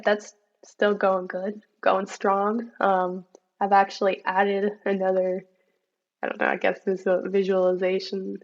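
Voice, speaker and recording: A young woman, a bike racer, chatting in a relaxed interview with lots of likes and ums over dull remote call audio. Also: medium pitch, creaky. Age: young adult. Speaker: mountain bike racer, guest. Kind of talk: casual interview chat.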